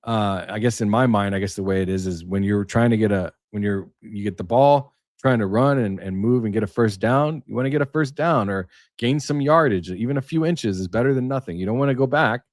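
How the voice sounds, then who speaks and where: A man's voice: on the low side, brisk, hardly any pauses, no echo, clean studio sound. Rambling man hosting a livestream. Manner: rambling, emphatic, reads aloud then riffs. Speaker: livestream host. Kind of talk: casual livestream commentary. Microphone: webcam setup.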